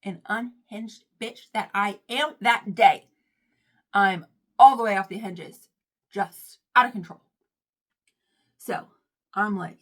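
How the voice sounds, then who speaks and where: Young woman, storytime vlogger, casual chat, dramatic, self-mocking, loud bursts and whispery asides. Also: mid-range voice, slow pace, long pauses. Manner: chatty and dramatic, swinging from loud outbursts to hushed, whispery asides.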